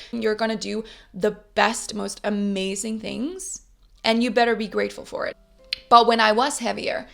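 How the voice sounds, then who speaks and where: A woman's voice: mid-range voice, gravelly, fairly bright tone. A woman in her twenties, a vlogger, talking casually and upbeat to camera with motivational pep-talk energy and casual swearing. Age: 20s.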